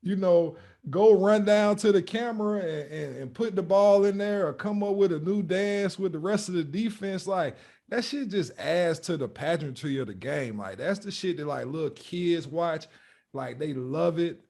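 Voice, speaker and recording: A male podcast co-host in casual football chat, swearing freely and leaning on filler phrases. His voice sits a little high for a man. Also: normal speed, creaky, darkish tone. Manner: profane, emphatic, lots of fillers.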